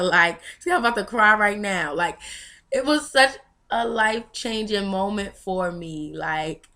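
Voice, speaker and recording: A young woman speaks straight to her viewers in a candid, emotional vlog. Her voice is bright and clear, set at an average pitch. She tells her story at length, full of "you know" and little restarts. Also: expressive, unhurried. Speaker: vlogger. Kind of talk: personal testimony vlog.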